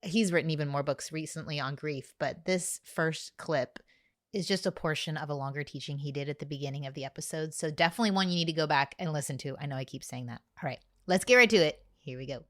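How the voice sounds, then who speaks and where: A woman's voice: sits low, fast talker, dry recording, studio quality. A woman, hosting a podcast and introducing clips to listeners in an emphatic way. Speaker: podcast host. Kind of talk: podcast commentary.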